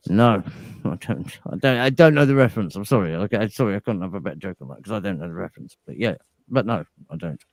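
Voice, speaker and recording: A man's voice: on the low side, expressive, no room sound. Rambling English man, dry close sound. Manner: rambling, halting, many restarts. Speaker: podcast guest. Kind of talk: casual crude banter.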